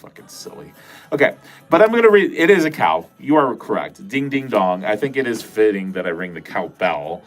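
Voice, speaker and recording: With a fairly low, sing-song voice at a moderate pace, a nasal-sounding Wisconsin man hosts a livestream. He rambles casually with viewers in his Wisconsin accent, dropping the occasional swear word.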